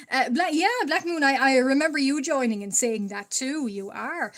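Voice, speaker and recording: A woman's voice: sits high, measured pace. Stuffy Irish woman chatting on stream. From Ireland. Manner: chatty, greets viewers, frequent fillers and laughs. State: stuffy from allergies, coughing. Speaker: live-stream artist. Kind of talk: casual live-stream chat while drawing.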